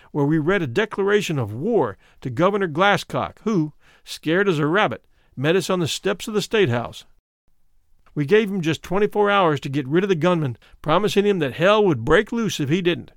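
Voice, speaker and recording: A man giving a measured, somber first-person reading of a memoir. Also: high-pitched, lively intonation, fairly bright tone, no echo, clean studio sound. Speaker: narrator.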